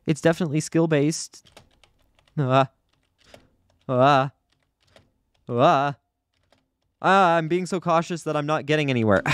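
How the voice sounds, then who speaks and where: A man's voice: mid-range voice, slow, long pauses, smooth, dry recording. A young man giving casual, chatty commentary over his own gameplay, often flustered and poking fun at himself. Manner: chatty, self-deprecating, easily flustered. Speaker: gaming YouTuber.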